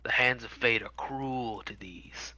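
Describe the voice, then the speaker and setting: A man voicing a cryptic old crone fortune teller, speaking slowly in an ominous half-whisper. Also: mid-range voice, pushed and bright, lo-fi sound, heavily acted.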